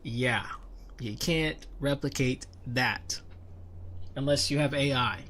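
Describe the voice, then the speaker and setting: A man's voice: medium pitch, slow pace, a bit bright. A young man chatting casually on his livestream as a VTuber, rambling and conversational. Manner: rambling, conversational, with frequent restarts and fillers. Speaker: VTuber streamer.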